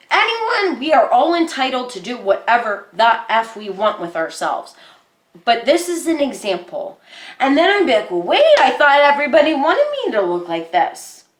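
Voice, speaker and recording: Woman, casual rambling vlog talk, acts out others' lines; high voice in an echoey room. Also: fairly bright tone. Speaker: actor talking to camera about therapy skills.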